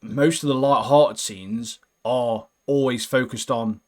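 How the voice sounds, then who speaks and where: A man chatting casually about an anime as podcast co-host, slangy and animated, trailing off quietly at the ends of lines. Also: mid-range voice, slow pace. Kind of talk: casual anime recap chat.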